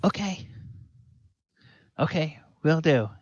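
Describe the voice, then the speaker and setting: A man voicing an excitable young village boy in a tabletop game, talking quickly and pleadingly. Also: fairly high pitch, no echo, dull audio, pitched above the performer's own voice. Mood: earnest.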